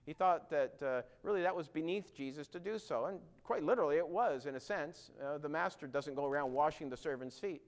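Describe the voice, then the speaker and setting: A male preacher delivers a sermon in a smooth, resonant voice that sits a little high for a man. He talks earnestly, puts questions straight to his listeners, and acts out quoted lines with mounting emphasis. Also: brisk, few pauses.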